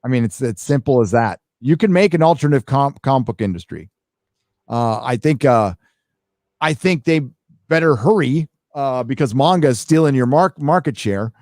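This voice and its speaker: A man hosting a loose live stream at a mid pitch, swearing freely and rambling between donation readouts. His voice sits close and dry, with no room sound around it. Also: normal speed, no room sound. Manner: rambling, profane, excitable. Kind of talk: casual live-stream chat, reading donations.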